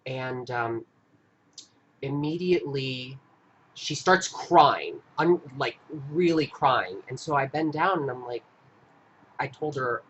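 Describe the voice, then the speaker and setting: A man hosting a live stream, earnestly recounting an experience in a halting, casual way with frequent restarts. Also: mid-range voice, fairly bright tone, muffled recording, a little hiss or hum. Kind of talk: casual storytelling.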